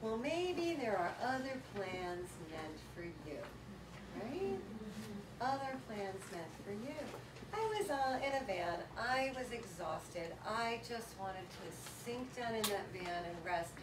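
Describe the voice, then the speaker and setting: A woman giving a motivational workshop talk to a live audience, telling stories in a lively, chatty way with frequent laughter. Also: mid-range voice, slow pace. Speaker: workshop presenter. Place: event room with a seated audience. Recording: echoey room, voice from far off, background noise.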